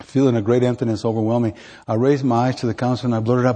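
A man reads his own prose to a room of listeners, talking plainly between passages. His voice is husky and his pitch sits in a middling register. He slips and restarts now and then like someone speaking off the cuff. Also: flat delivery, rapid-fire, warm tone, long reverb tail. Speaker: author reading his own work. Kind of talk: live literary reading.

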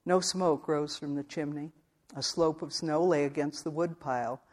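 A man with a voice a little higher than most men's narrates a literary western novel for an audiobook. His reading is measured and even, steady from one sentence to the next, with a calm, clear delivery.

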